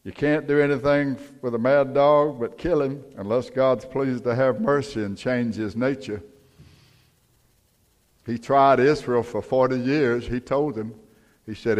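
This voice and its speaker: An older male pastor preaching in a homey, storytelling way, his pitch sitting in an ordinary middle range. He moves between earnest appeals and down-to-earth anecdotes. His voice rings out in a long reverb in a church sanctuary. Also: fairly even intonation, measured pace, darkish tone. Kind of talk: sermon.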